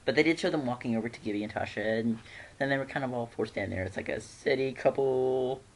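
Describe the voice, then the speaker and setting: A man's voice: mid-range voice, fast. Man rambling through a chatty recap. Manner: chatty, rambling, laughs often. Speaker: TV episode reviewer. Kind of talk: casual episode recap.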